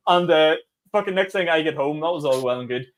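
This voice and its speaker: A young Northern Irish man co-hosting a podcast, telling stories in rapid casual chat, swearing and acting out quotes. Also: on the high side. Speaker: podcast co-host.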